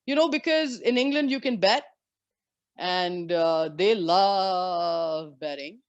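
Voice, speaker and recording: A woman in her forties from India, a former professional golfer, telling lively and candid stories as an interview guest. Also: fairly low pitch, slow pace, dry recording, dull audio. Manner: lively, candid anecdotes with frank swearing. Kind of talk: storytelling in a conversation.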